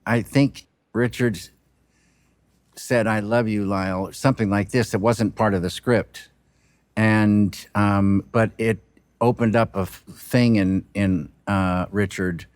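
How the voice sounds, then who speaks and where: Slow, halting man reflecting on directing. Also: lowish voice, fairly even intonation, darkish tone, no echo. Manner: halting, unhurried, trailing off and restarting. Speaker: film director. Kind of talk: reflective interview talk.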